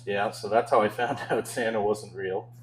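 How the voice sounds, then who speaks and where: A man's voice: on the low side, steady tone, normal speed, slight background noise, poor audio. Young male stand-up comic, wry. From Canada. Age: 20s. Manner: self-deprecating, wry storytelling with frequent chuckles. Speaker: stand-up comedian. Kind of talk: stand-up comedy set. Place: comedy club stage.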